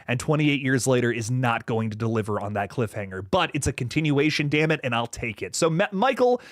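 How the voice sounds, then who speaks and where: A man's voice: medium pitch, brisk, no room sound, studio quality. A man hosting a casual livestream, reading viewer comments, rambling with frequent swearing and laughter. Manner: animated, rambling, swears freely, laughs often. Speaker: livestream host.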